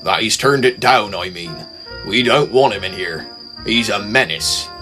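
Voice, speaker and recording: A grave, suspicious engine who speaks low and dry, as a man reading a story puts him on. He sounds quiet and serious against the livelier voices of the storybook reading. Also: animated, measured pace, over music. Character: grave, suspicious male engine with a Western accent.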